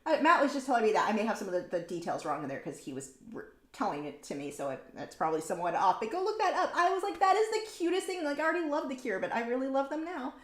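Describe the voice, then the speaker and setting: A woman's voice: a little high, very animated, very fast. A woman in her forties hosting a painting livestream, chatting casually and reading viewer comments aloud with lots of ums. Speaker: art livestream host. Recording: echoey room.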